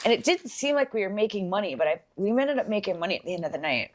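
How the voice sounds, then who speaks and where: A young woman co-hosting a podcast, telling a bartending story in a casual, swearing, animated way. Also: medium pitch, fast talker. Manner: swears freely, animated when quoting people.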